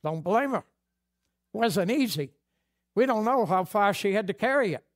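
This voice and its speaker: Folksy high-voiced pastor preaching. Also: male voice, lively intonation, normal speed. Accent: New England. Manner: folksy and conversational, acts out dialogue. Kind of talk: sermon.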